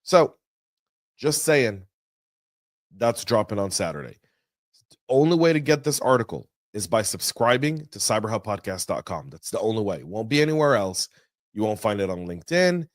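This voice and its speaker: A man hosting a news podcast, talking through the stories in a chatty, energetic way with folksy asides. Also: lowish voice, moderate pace, no room sound, studio quality. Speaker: podcast host. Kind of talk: casual news commentary. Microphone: studio mic.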